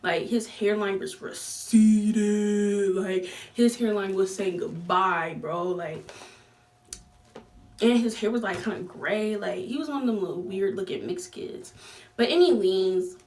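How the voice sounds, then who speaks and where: A young woman vlogger telling a story in casual chat, slangy and animated, with lots of fillers. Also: mid-range voice, a little slow, recorded from a distance, a little hiss or hum.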